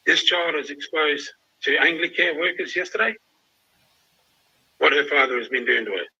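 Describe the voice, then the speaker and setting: A man's voice: fairly high pitch, normal speed, sharp tone, slightly rough. An angry, emotional Australian man ranting on a livestream, swearing constantly. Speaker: youth worker ranting on a livestream. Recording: dull lo-fi livestream audio.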